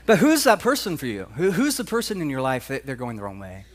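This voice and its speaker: A man preaching a sermon as a pastor, in a conversational, animated way with light humor. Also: fast talker, a little hiss or hum. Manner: pitch and loudness swing widely.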